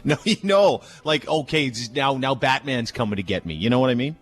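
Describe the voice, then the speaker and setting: A man's voice: medium pitch, expressive, fairly quick, faint music behind. A man hosting a radio show, joking and wisecracking in casual banter. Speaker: radio host.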